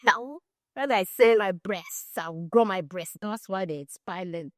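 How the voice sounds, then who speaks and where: A young Ugandan woman co-hosting a podcast, telling a story in a casual, animated way and acting out the other people in it. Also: on the low side, moderate pace, no room sound, clean studio sound. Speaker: podcast co-host.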